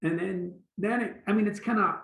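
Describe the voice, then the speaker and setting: A Scottish man with a fairly high, gravelly voice talks as a guest in an echoey room. He speaks casually and animatedly, slipping into short acted-out quotes. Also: normal speed. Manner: animated, acts out little quotes. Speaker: author and guest. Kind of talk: casual conversation.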